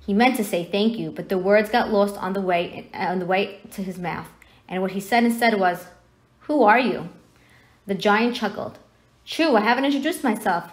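A woman reading a novel aloud, narrating the story in a steady storytelling manner. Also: medium pitch. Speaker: reader.

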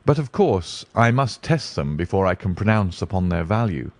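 Aloof genius detective in a storybook, low and deliberate, read by a man. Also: sing-song, dry recording. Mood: musing. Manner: deliberate, musing. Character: brilliant, dreamy male detective, aloof.

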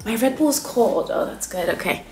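A woman in her twenties from the Netherlands, chatting candidly in a vlog from a hotel room. She swings between loud exclamations and hushed asides. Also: a little high, expressive, moderate pace, reverberant, over loud music. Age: 20s. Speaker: vlogger. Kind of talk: casual candid vlog chat. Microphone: handheld vlog camera.

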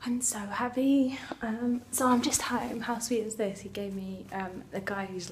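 A woman's voice: on the high side, fairly even intonation, unhurried, few pauses, noisy background. Chatty young woman vlogging. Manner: chatty, rambling, lots of fillers. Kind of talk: casual chat to camera.

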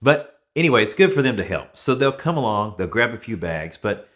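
A man with a fairly low voice preaches to his congregation in an easy, conversational way. He is in his thirties and leans on homely everyday stories to carry his points. His delivery stays relaxed and friendly rather than formal. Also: a little fast. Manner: relaxed storytelling with everyday examples. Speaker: pastor. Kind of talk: conversational sermon.

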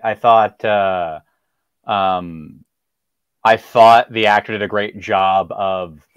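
A man's voice: lowish voice, fairly even intonation, slow pace, smooth, no echo, highs cut off. A man in a casual discussion, talking hesitantly and rambling with many fillers. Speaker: panelist.

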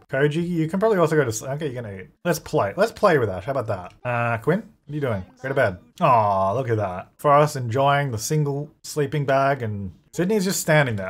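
A man giving casual running commentary on a life-simulation game, thinking aloud, laughing often and talking to the game's characters. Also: medium pitch. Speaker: gaming video creator. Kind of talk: casual let's-play commentary.

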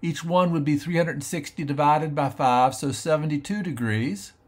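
Unhurried man explaining math on a screencast. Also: a little high, darkish tone. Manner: thinking aloud with frequent fillers and restarts. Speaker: math educator.

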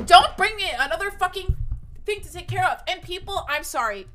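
A woman's voice: extremely high pitch, animated, a little fast, pushed and bright, slight background noise. A young woman streaming, chatting casually, emphatic and swearing often, her voice shooting up when she gets worked up.

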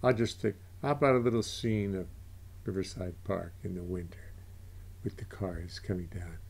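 A man's voice: deep voice, fairly even intonation, normal speed, gravelly, a little mellow, breathy edge. An older man hosting a livestream in casual chat, rambling and interrupting himself as he goes. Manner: rambling, self-interrupting, chatty. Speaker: livestream host.

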